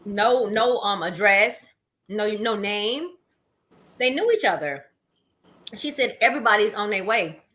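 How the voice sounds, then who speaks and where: A woman's voice: medium pitch, animated, unhurried, pauses often, fairly bright tone. A woman giving a casual reaction commentary on an emergency call, blunt and talking straight to her viewers. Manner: blunt, talks to viewers as "y'all".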